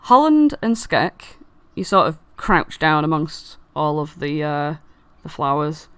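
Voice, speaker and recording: A woman's voice: deep voice, sing-song, slow pace, fairly bright tone, clean tone, no room sound. A woman narrating as dungeon master of a tabletop game, loose and giggly with many fillers.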